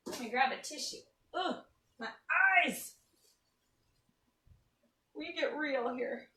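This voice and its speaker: Chatty bright-voiced woman cooking on a live stream. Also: high-pitched, takes it slowly, long pauses, far from the mic. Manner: chatty and joking, reads viewer comments aloud. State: teary from chopping onions. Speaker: cooking show host. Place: home kitchen. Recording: echoey kitchen, off-mic.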